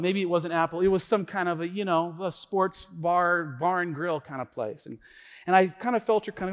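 Man, pastor, high voice, animated storytelling sermon, long hall reverb. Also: fairly quick. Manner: animated storytelling, acts out quotes. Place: church sanctuary.

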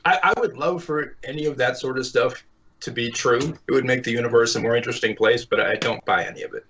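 A man's voice: medium pitch, quick pace, a bit bright. A man, an actor, answers interview questions in a laid-back, self-deprecating way. His voice comes through dull and lo-fi. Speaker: actor, podcast guest. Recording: dull lo-fi sound.

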